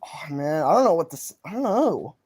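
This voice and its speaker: A man's voice: on the high side, sing-song, fairly quick, a little mellow, husky, dry recording. A man in a casual stream chat who talks in a laid-back way, swears and repeats himself. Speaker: guest.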